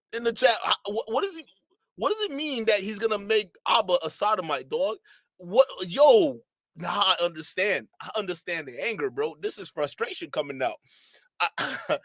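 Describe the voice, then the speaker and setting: A man's voice: high-pitched, animated, moderate pace, pushed and bright, no echo. A man streaming live reaction commentary, laughing constantly and repeating himself in disbelief as he talks to his chat.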